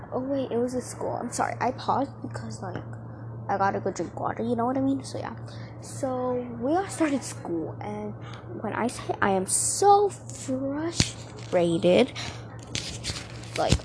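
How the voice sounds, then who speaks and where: A woman's voice: fairly high pitch, background noise. A teenage girl chatting casually to her viewers in a rambling, distracted way, full of fillers, with a dry throat. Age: teens. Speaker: vlogger.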